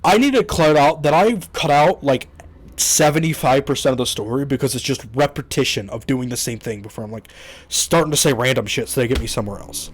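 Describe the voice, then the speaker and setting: A man's voice: mid-range voice, animated, a little fast, husky. Exasperated man ranting on a vlog. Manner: exasperated, swears often, rambling with restarts. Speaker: YouTuber. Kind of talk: casual storytelling rant.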